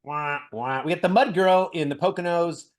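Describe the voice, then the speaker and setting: Joking, animated man co-hosting a chat show. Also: sits high, a little fast, a crowd in the background. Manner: animated, joking, laughs often. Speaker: podcast co-host. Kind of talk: casual chat.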